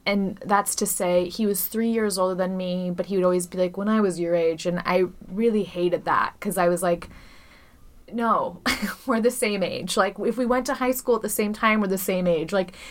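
A woman's voice: mid-range voice, fairly even intonation, moderate pace. A woman co-hosting a podcast, telling a story in casual chat with lots of "like" and frequent laughter. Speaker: podcast co-host.

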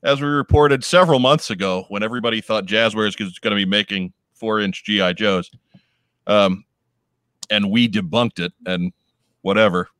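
A man's voice: fairly low pitch, normal speed, fairly bright tone, no room sound. A man hosting a casual chat show, running through news items in a laid-back, wry way. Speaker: podcast host.

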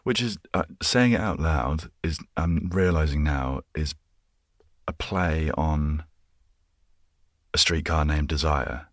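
A young man with an English accent rambles through his own podcast, musing and chuckling at his tangents. His voice sits remarkably low and he takes his time with every thought. The sound is close and dry, with no room around it. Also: slow pace, pauses often, no room sound. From England. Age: 20s. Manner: rambling, musing, easily amused. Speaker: podcast host. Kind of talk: casual solo podcast chat.

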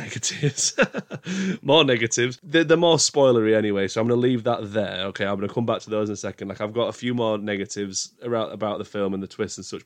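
A man's voice: lowish voice, no room sound. A man giving a casual spoken film review, emphatic and prone to bursts of exasperation.

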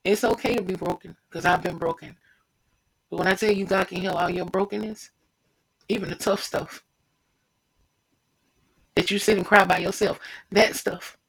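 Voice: medium pitch, fairly even intonation, normal speed, vocal fry, long pauses, fairly bright tone, breathy edge, poor audio. A preacher giving an informal devotional sermon, fervent and repetitive, speaking straight to the listener.

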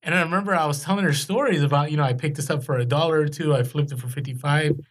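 Male podcast co-host, fairly high voice, upbeat and animated, casual banter. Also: very fast. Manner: animated, rising in pitch when excited. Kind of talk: casual chat.

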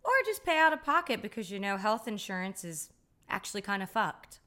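A woman's voice: mid-range voice, sing-song, brisk, bright, forceful tone. A woman hosting a podcast, telling wry, profane stories in a blunt, casual monologue. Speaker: podcast host.

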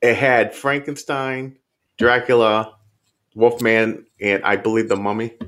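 Low-voiced easygoing guy, swearing freely. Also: little pitch movement, a little slow, fairly bright tone. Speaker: podcast guest. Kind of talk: casual chat.

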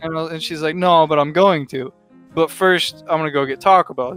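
A man's voice: on the high side, fairly even intonation, fairly quick, a bit bright, soft background music. A young man on a podcast, telling rambling stories with lots of swearing and laughing. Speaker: podcast co-host. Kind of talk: casual storytelling chat.

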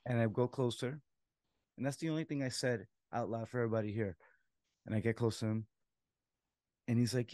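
A man, a softball umpire and co-host, telling a story in casual chat, laughing as he acts out what people said. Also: mid-range voice, brisk, long pauses, no echo, clean studio sound. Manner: animated storyteller, laughs while acting out quotes.

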